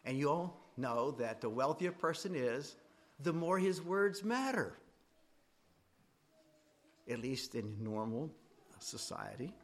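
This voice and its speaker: A man's voice: mid-range voice, animated, takes it slowly, pauses often. A middle-aged man teaching a faith class in a classroom, talking conversationally and putting questions straight to his students. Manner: conversational, asks students directly, voice rises and drops widely.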